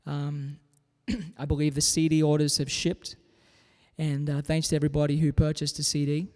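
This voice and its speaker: Hosting a guitar livestream from home, a man from Australia, whose accent has a slight Southern US drawl, keeps things relaxed and chatty between songs while reading viewer comments aloud. He speaks at normal speed in a fairly high voice, with a big-room sound.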